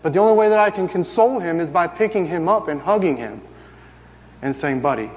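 Animated, high-voiced preacher man. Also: fairly quick, in a large hall. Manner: animated storytelling, acts out family scenes. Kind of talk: sermon.

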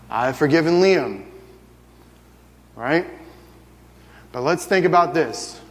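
Animated, high-voiced preacher man. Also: long reverb tail. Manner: animated storytelling, acts out family scenes. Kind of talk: sermon.

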